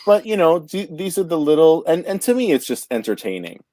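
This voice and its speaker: A man from Canada hosting a casual talk show, halting and stammering with frequent restarts. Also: fairly high pitch, sing-song, dark tone, no echo. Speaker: podcast host. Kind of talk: casual chat.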